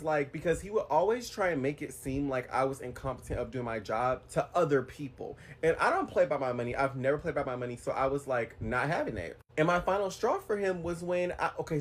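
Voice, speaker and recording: A man telling a personal story to camera in a casual, profane, animated way, swinging his voice up high when quoting himself.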